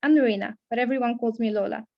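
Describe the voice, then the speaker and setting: Bubbly rambly young woman, read by a woman, a bit high, dull lo-fi audio. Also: fairly even intonation, quick pace, gravelly. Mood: chatty. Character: chatty cheerful young woman.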